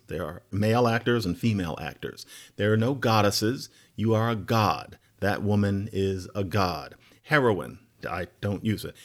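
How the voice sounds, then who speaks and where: A man hosting a podcast, giving a conversational lecture on words, musing with quick asides and rhetorical questions. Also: on the low side, a bit bright. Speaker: podcast host.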